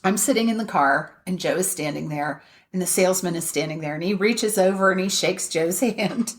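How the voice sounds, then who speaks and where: A woman's voice: lowish voice, fairly quick. A woman co-hosting a podcast, telling a story in casual chat, blunt and swearing freely. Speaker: podcast co-host.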